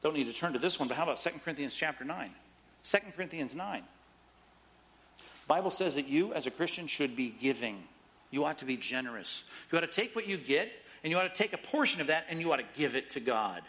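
A man preaching a sermon in an animated way, acting out the voices of doubters as he reads and explains scripture. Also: fairly high pitch, quick pace, rough recording. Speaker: pastor.

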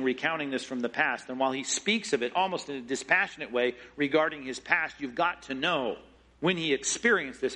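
A man preaching a sermon, acting out quoted prayers and lines from scripture with lively shifts in voice. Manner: expressive, acts out scripture quotes with shifting pitch and pace. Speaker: pastor.

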